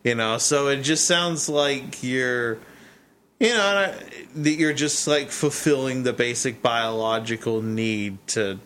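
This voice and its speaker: A man co-hosting a podcast in casual chat, jokey and quick to laugh. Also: medium pitch, fairly bright tone, slight background noise. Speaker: podcast co-host.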